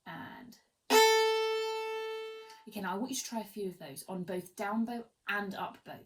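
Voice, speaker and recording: A woman's voice: lowish voice, rough recording. A woman teaching violin in an online tutorial, encouraging and demonstrative, counting and singing rhythms aloud.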